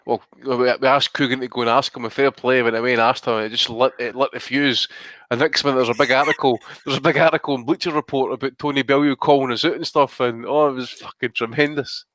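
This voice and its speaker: A man's voice: mid-range voice, quick pace, no echo. A British man on a casual boxing podcast, telling stories with heavy swearing. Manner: heavy swearing, animated storytelling. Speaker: podcast co-host.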